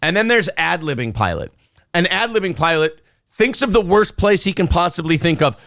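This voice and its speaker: A man's voice: a little high, sing-song, moderate pace, a bit bright, dry recording, clean studio sound. A man hosting a streamed morning talk show, riffing sarcastically and laughing often.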